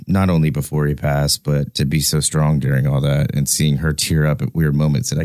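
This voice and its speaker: A man's voice: rumbling low, warm tone, no echo, clean studio sound. A man in his thirties co-hosting a podcast, talking candidly in a casual way, swearing freely and often restarting his sentences. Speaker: podcast co-host.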